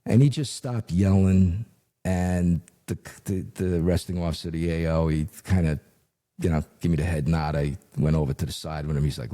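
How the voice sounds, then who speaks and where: A middle-aged man, a retired investigator, telling a story in casual talk, animated and full of fillers, acting out what others said. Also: low voice, normal speed. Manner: animated, acts out quotes, frequent fillers.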